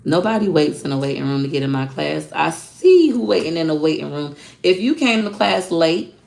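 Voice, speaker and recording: A woman's voice: sits low, lively intonation, normal speed, creaky, a little mellow. A woman who teaches online social media classes, speaking bluntly and animatedly in a casual livestream talk. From Florida.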